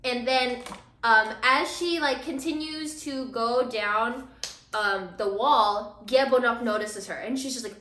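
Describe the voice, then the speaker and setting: In an echoey room at home, a young woman puts on makeup while casually recounting a drama for her vlog, voicing the characters' lines amid plenty of fillers. She speaks unhurriedly in a fairly high, bright voice with a forceful tone.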